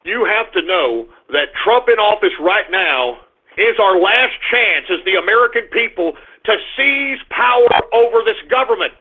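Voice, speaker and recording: Older male talk radio host, high-pitched, fiery and repetitive, with tinny phone-quality sound. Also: animated, moderate pace. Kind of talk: political talk radio monologue.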